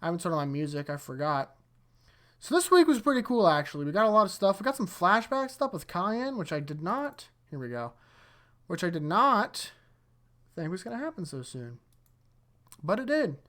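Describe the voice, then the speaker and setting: A man's voice: high voice, very animated, fairly quick, a bit bright. A man hosting his own anime rewatch, recapping episodes in a loose, rambling way that trips over itself and keeps correcting itself. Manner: rambling, self-correcting, chuckles often.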